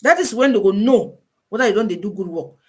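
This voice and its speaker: A woman with a Nigerian Pidgin English accent, hosting a casual live-stream advice talk, animated and full of rhetorical questions. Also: medium pitch, fast, breathy edge.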